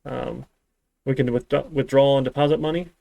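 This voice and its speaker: A man's voice: medium pitch, steady tone, moderate pace, gravelly, mellow, dry recording. A man teaching a programming class in a live-streamed lecture, talking in a rambling way with dry, sarcastic asides. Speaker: programming instructor.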